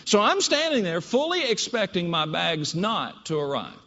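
A man giving a keynote talk, telling a story in an animated, conversational way. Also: high voice, normal speed. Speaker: keynote speaker. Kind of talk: storytelling presentation. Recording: dull audio in a reverberant hall.

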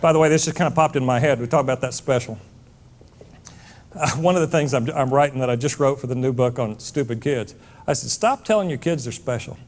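A middle-aged man giving a live motivational talk, emphatic and preachy, building to near-shouts. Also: medium pitch, brisk. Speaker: motivational speaker.

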